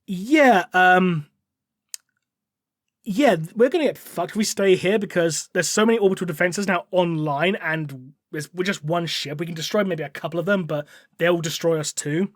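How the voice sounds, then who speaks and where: A rattled villain commander, as a podcast host puts him on, swearing in plain everyday speech. The voice is fairly high for a man and recorded close and dry. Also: moderate pace, no room sound, natural voice.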